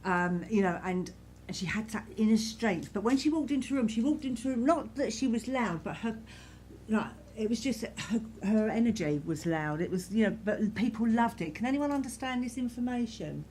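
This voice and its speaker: A woman serving as a spiritualist medium, speaking softly and reassuringly to a congregation in a church, repeating herself often. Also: fairly high pitch, expressive, brisk, a little hiss or hum. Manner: gentle, reassuring, repetitive, many "you know"s. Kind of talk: giving spirit messages to a congregation.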